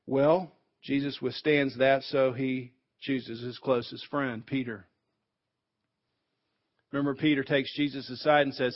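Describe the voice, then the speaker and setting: A man's voice: medium pitch, steady tone, normal speed. A man preaching a sermon in an emphatic way, building to fervent peaks, heard on a dull, lo-fi recording.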